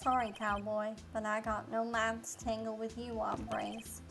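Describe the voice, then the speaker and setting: A woman's voice: a little high, level tone, unhurried, gravelly. A woman voicing a cowboy security guard in a video game, putting on a country drawl and cowboy slang, with game music behind. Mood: folksy swagger. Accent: put-on American country.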